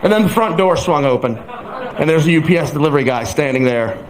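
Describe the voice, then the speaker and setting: A young man performing a stand-up comedy routine on a club stage, telling the story with animated, acted-out exclamations. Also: fairly high pitch, a little fast, rough recording. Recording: live audience laughter. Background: crowd laughing.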